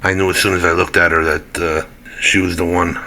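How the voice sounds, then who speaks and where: Low, flat-voiced man. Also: a little hiss or hum. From Brooklyn, New York. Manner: halting, with frequent fillers. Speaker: interview subject in an animated story clip. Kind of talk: personal recollection.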